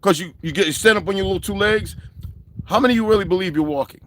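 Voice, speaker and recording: Male livestream host, profane and confrontational, slightly raised pitch, faint background hiss. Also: quick pace. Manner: profane, confrontational, lecturing viewers. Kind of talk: casual livestream rant.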